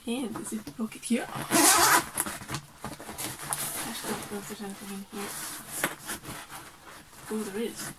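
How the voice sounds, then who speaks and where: A woman's voice: mid-range voice, little pitch movement, moderate pace, very noisy. A woman artist chatting casually and rambling as she unpacks her work, laughing often. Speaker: artist vlogger. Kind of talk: casual chat while unpacking.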